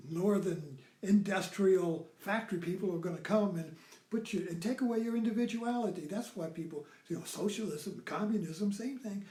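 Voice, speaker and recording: A man's voice: high-pitched, dark tone. Rambling man lecturing in an echoey room. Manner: rambling, repeats "you see" often. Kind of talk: informal lecture.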